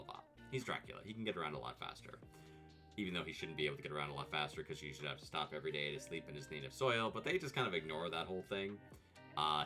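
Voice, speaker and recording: A man streaming comedic movie commentary, animated, profane and sarcastic. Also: rumbling low.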